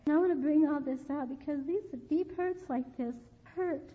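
A woman's voice: sits high, normal speed. An older woman giving an earnest sermon testimony, repeating key phrases for emphasis. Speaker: preacher. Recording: tinny phone-like sound with long reverb.

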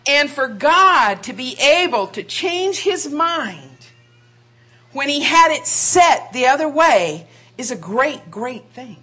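A woman's voice: high voice, very animated, takes it slowly, pushed and bright. A woman preaching a sermon, asking rhetorical questions and drawing out key phrases for emphasis.

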